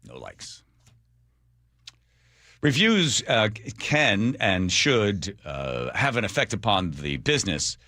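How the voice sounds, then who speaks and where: A man's voice: takes it slowly, long pauses, no room sound. A middle-aged man hosting a radio show, telling stories in casual on-air chat and acting out the people he quotes. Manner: animated, acts out quoted people with jumps in pitch. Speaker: radio host. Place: radio studio. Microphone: studio microphone.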